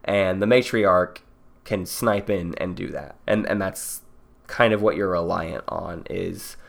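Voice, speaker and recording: Low gravelly guy on a board game podcast, jokey, rambles thru strategy. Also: fairly even intonation, unhurried. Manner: joking, rambling analysis. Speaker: podcast co-host. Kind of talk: casual board game discussion.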